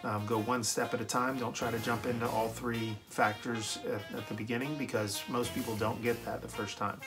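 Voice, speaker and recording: A man giving a relaxed, encouraging snare drum lesson, with many ums and okays. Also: mid-range voice, normal speed, over music. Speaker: drum teacher. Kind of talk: casual instructional talk.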